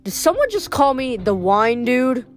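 A woman voicing a pompous adult male wine god with a lazy, slow drawl. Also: mid-range voice, lively intonation, faint music behind, natural voice. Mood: lazy, haughty. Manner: haughty, slow, self-important.

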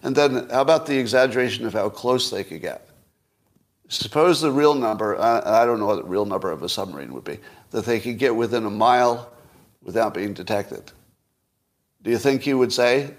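A man's voice: medium pitch, moderate pace. A man hosting his own podcast, giving solo political commentary in a wry, skeptical way, full of rhetorical questions and dry chuckles. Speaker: podcast host.

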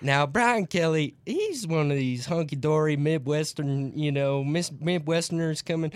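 A fussy, theatrical Southern gentleman with a thick put-on drawl, as a man hams it up. The voice sits a little high, and it comes across dry and close on a studio mic. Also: unhurried, smooth, dry recording, natural voice. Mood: mock-genteel. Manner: theatrical, prissy, mock-outraged. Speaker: producer.

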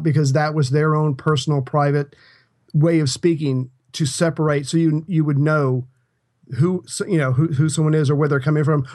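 Chatty podcast co-host man with a fairly high voice. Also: darkish tone. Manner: easygoing, chatty, agreeable. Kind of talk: casual history podcast chat.

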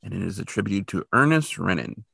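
A man co-hosting a podcast, chatting casually and rambling through animated asides. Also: deep voice, brisk, creaky, slightly rough, no echo, studio quality. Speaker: podcast co-host. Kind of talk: casual chat.

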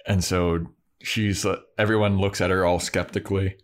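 Swearing podcast co-host, lowish voice. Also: male voice, little pitch movement, moderate pace. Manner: retells scenes in mocking put-on voices, swears freely. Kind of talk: casual recap chat.

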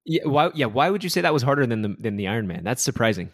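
A man's voice: mid-range voice, big pitch swings, fast talker. A man hosting a casual interview, asking short questions and giving brief replies.

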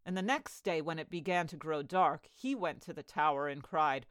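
A woman reading a fairy tale aloud as a storyteller, with an expressive storybook delivery. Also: low-pitched, normal speed, hardly any pauses, clean tone, dry recording.

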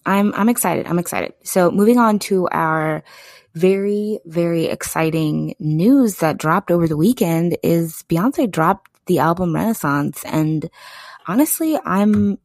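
A young woman hosts a podcast in a low, gravelly voice. She talks in an excitable, gushing, chatty way, like a call with a close friend. Her voice sounds dry and close, with no room around it. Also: measured pace, no echo. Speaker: podcast host. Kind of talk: casual podcast chat.

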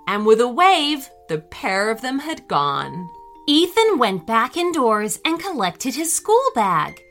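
A woman reads a children's story aloud, slow and deliberate, with a bright, clear tone. Her pitch sits a little high and moves a lot, full of lively expression, with soft music faint behind her. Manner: gentle, expressive, unhurried reading.

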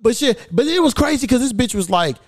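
A man hosting a casual podcast chat, telling stories in an animated, profane way. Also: very high-pitched, brisk.

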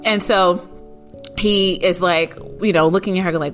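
A woman's voice: fairly low pitch, fairly even intonation, a little slow, fairly bright tone, faint music behind. A woman casually recapping an episode, rambling with lots of "like" and "you know" and getting indignant at outrageous moments. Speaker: show recapper.

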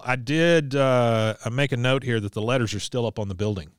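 A podcast host talks through an episode recap in a loose, rambling way, full of uh's and restarts. His voice is smooth and mid-pitched. The recording is dry. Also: moderate pace, dry recording. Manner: rambling, many fillers.

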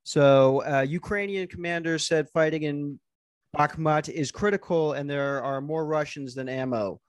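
A man from Arizona hosting a podcast over an online call, cracking deadpan, crude jokes in casual banter. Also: fairly high pitch, unhurried. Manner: joking, deadpan crude humor. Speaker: podcast host.

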